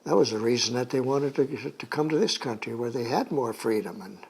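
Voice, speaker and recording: An older man from the United States giving an oral history interview, recalling his childhood at a halting pace with many fillers. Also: medium pitch, expressive, gravelly, a little mellow, slightly rough.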